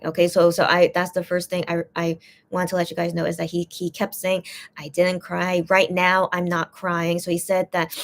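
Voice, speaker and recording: A young woman fan chatting casually on her own live stream, rambling and hesitant as she retells and translates what was said. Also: medium pitch. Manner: rambling, hesitant, repeats words often. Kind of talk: casual livestream chat.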